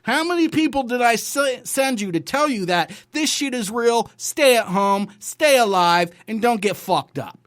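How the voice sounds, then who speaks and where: A man's voice: very high-pitched, lively intonation, normal speed, few pauses, fairly bright tone, pitched above the performer's own voice. A man voicing God at heaven's gates, scolding in a scornful tone.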